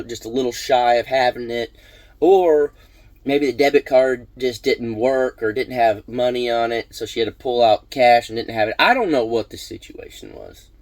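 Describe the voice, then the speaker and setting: A man's voice: medium pitch, no echo. A man casually telling a personal story on his vlog, rambling with many fillers and restarts. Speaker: vlog host.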